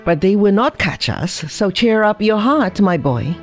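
A reader voicing a strong, hearty gentleman who speaks firmly and reassuringly. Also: fairly high pitch, very animated, a little slow, faint music behind.

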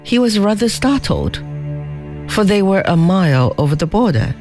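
A narrator reading a story aloud in measured, expressive audiobook style. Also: medium pitch, poor audio. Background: music.

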